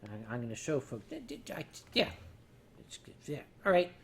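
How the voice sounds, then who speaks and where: An older man hosting a livestream, rambling through stories to his chat while drinking, mocking himself and turning loud on the punchlines. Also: a little high, wildly swooping pitch, normal speed. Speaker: livestream host. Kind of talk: casual storytelling to a chat.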